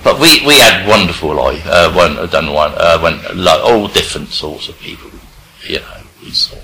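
Older bloke from england, lowish voice, halting storytelling, lots of restarts. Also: male voice, lively intonation, sharp tone, rough recording. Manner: rambling, halting, many restarts and fillers. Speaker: recovery speaker sharing his story. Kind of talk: personal storytelling.

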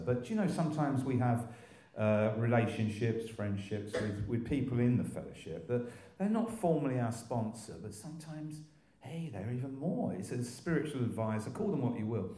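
A man's voice: mid-range voice, big pitch swings, fairly quick, hardly any pauses, warm tone, roomy sound. An older man from England telling his recovery story in a rambling testimony, with restarts and little laughs. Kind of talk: personal testimony talk.

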